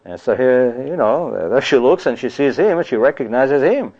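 A man preaches a sermon in a conversational way, at a mid pitch, often adding "you see" and "you know". His voice comes through a slightly muffled, lo-fi recording. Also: animated, moderate pace, darkish tone. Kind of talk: sermon on scripture.

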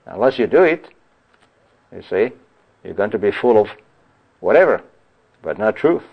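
A man preaching a Bible teaching sermon. He reads scripture slowly, then explains it in a conversational way, with frequent "you see" and "you know". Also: on the low side, very animated, creaky, husky, highs cut off.

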